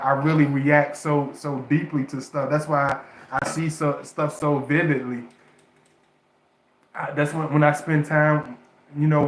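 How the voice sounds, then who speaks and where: A man's voice: fairly high pitch, fairly bright tone. A man livestreaming spiritual advice in a casual, emotional way, often restarting phrases and talking straight to his viewers. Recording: echoey room sound.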